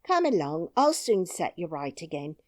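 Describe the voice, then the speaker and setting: A woman's voice: fairly low pitch, sing-song, moderate pace, a little mellow, dry recording, studio quality. A woman voicing a brave, cheerful twelve-year-old miner boy who talks boldly and plainly. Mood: frank. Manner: bold, singing taunts, plain-spoken.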